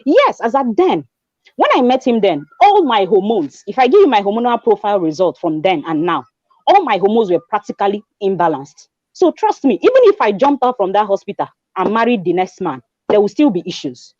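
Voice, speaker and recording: A woman in her twenties with a Nigerian accent, telling her story in an animated way as a guest, acting out dialogue and mixing in pidgin. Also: mid-range voice, fairly quick, no room sound, muffled recording. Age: 20s. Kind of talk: conversational testimony.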